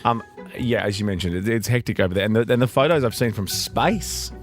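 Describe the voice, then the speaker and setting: A man's voice: lowish voice, lively intonation, faint music behind. A man hosting a radio show, moving the segments along in casual chat. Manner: brisk, steering segments along. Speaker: radio host.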